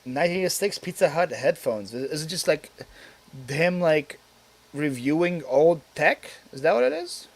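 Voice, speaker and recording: A man with a slightly raised pitch chats casually on a live stream. He rambles and fills his sentences with filler words. He often reads viewer comments aloud and then answers them. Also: very animated, moderate pace.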